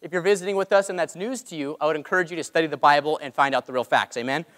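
A young man preaching a sermon in an animated way, joking about his own faults. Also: on the high side, rapid-fire. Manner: animated, self-mocking asides. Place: large church hall. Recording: long hall reverb.

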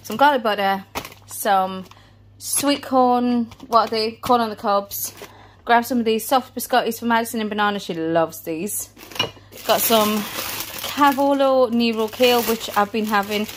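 Out-of-breath British mum, thirties, breezy vlog chat, slightly high voice. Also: female voice, unhurried, a little hiss or hum. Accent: British English. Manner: chatty, showing off shopping haul. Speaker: family vlogger.

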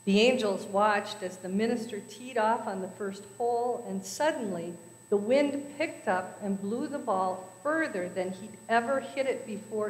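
Brief: woman joke-teller in a church, storytelling style, long hall reverb. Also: medium pitch. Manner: storytelling with voices for characters. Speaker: speaker at a church service. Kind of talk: telling jokes to a congregation. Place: church sanctuary.

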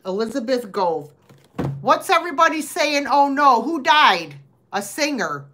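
A woman's voice: high-pitched, big pitch swings, unhurried, sharp tone, slight background noise. A woman hosting a live sale, talking in a chatty, rambling way with lots of fillers. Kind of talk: live-stream sales chat.

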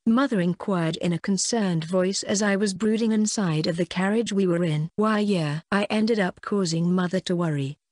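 A woman narrates a first-person light novel audiobook in a fairly low voice, with a dry and wry tone. The recording is close and dead, with no room sound at all. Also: moderate pace, few pauses, darkish tone, dry recording.

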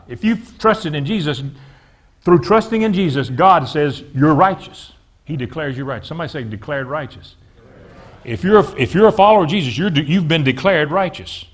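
A pastor delivering a sermon in a church sanctuary. His voice sits a little high for a man. He talks straight to his flock, asks them to repeat phrases back, and stumbles over repeated words as he presses his points. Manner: preaches with call-and-response to the congregation, repeats words.

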